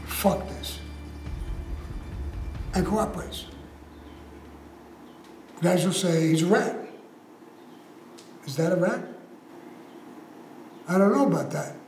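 A man's voice: high voice, darkish tone, reverberant, poor audio. A man who was once in prison tells blunt, profane stories as an interview guest. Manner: profane, heated, emphatic. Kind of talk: casual storytelling in an interview.

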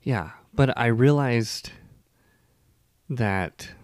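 A man co-hosting a casual podcast chat, easygoing and quick to laugh at his own jokes. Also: mid-range voice, darkish tone, no echo, studio quality. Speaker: podcast co-host.

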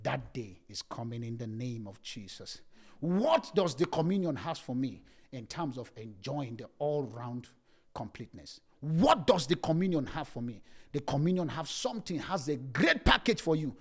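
A man's voice: medium pitch, very animated, normal speed, husky. A young adult male pastor preaching a sermon, reading scripture aloud and telling humorous personal stories to his congregation. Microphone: streamed service mic.

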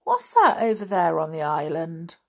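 A woman's voice: low voice, wildly swooping pitch, normal speed, darkish tone, full character voice. A woman reading the part of a sensible, teasing teenage boy. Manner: bossy, teasing.

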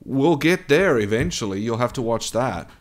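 A man's voice: medium pitch, lively intonation, moderate pace. A man co-hosting a casual podcast chat, talking in an analytical way and laughing along. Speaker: podcast co-host.

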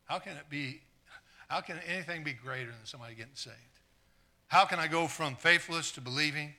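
A man with a slightly high voice preaches a live sermon with audience volunteers. He's earnest but trips over repeated words, jokes back and forth with the congregation, and shifts from quiet asides to fired-up exclamations.

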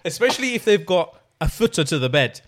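A young man from the UK co-hosting a crude casual podcast chat, laughing often and getting loud when joking. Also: on the high side, big pitch swings, a little fast. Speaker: podcast co-host.

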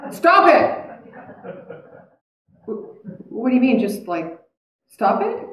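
A woman's voice: fairly low pitch, normal speed, dark tone, voice pushed down, close to an everyday voice. A woman playing a nervous, stammering female patient. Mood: anxious. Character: anxious, fretful female patient. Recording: echoey hall, heard from a distance.

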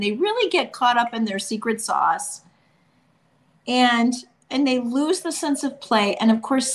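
A woman's voice: fairly high pitch, slight background noise. Affirming woman interview host. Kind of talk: conversational interview.

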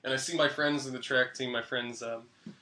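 A man's voice: mid-range voice, steady tone, a little fast, bright, forceful tone, reverberant. A young man telling a funny story in casual chat, laughing often and acting out the people in it. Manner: laughs often, acts out quoted voices. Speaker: podcast guest.

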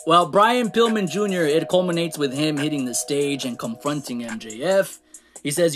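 A man ranting casually in a wrestling show review, animated, swearing and laughing at the shocking moments. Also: a little high, moderate pace, faint music behind. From Latino. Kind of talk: casual recap rant.

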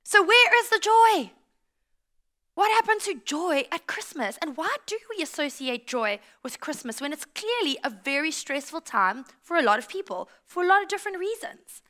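A woman preaching to a live church, with a high, clear, bright voice. She tells everyday stories in a chatty way and acts out people's lines as she goes. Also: moderate pace. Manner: animated storytelling with acted-out quotes. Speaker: pastor. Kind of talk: conversational sermon.

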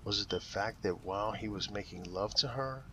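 A man reading a dramatic story aloud in a measured, emotive way. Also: fairly low pitch, background noise. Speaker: narrator.

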